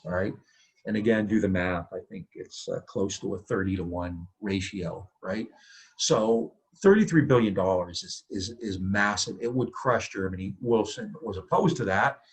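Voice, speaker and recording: A male history professor lecturing in a low, husky voice. He talks conversationally, throws rhetorical questions at the class and tags points with "right?". He stumbles through "uh" and restarts, then punches key points louder. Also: poor audio. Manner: restarts and "uh" fillers, loud bursts on key points. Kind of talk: university lecture.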